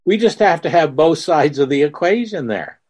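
A man preaching a sermon in a slow, earnest way, telling stories with quoted dialogue to make his point. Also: a little high, animated, darkish tone, breathy edge. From Mississippi.

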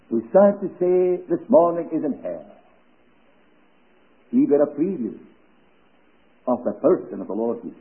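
A man delivers a church sermon in a fairly high voice, measured and deliberate, letting key phrases sink to hushed, low endings. The recording is thin and tinny, like a phone line. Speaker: preacher. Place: church service.

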